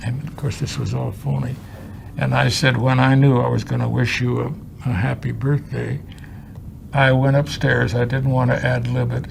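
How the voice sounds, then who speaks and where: An older man from Chicago, a film director, telling humorous, salty anecdotes in an interview with a gravelly voice. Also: mid-range voice, level tone, normal speed, background noise. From Chicago, USA. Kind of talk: anecdotal storytelling.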